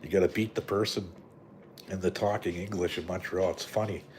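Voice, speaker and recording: Low-voiced middle-aged canadian guy rambling on a live stream, swears a lot, says "right?" all the time. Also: steady tone, fairly quick, a little mellow, slight background noise. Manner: rambling, profane, full of fillers and "right?". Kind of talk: casual rambling live chat.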